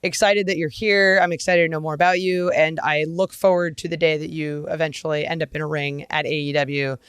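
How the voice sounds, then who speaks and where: Podcast host, playful teasing, laughs a lot, crisp tone, dry studio sound. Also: mid-range voice, flat delivery, a little fast, a bit bright, no room sound. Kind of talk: casual interview chat.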